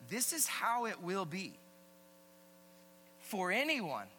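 A man preaching a sermon as a pastor, emphatic and animated, swinging between loud emphasis and hushed asides. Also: high-pitched, slow. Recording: long hall reverb with faint mains hum.

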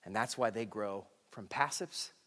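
A man's voice: lowish voice, a little slow, fairly bright tone. A middle-aged man preaching a sermon from a church stage, emphatic, repeating key words and speaking straight to the congregation. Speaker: pastor. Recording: long echoing hall reverb.

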